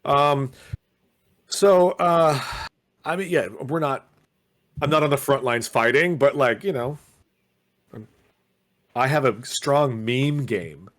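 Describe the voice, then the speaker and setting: A man's voice: mid-range voice, takes it slowly, pauses often, fairly bright tone. A man co-hosting a podcast in casual chat, rambling and meandering with lots of fillers and restarts. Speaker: podcast co-host.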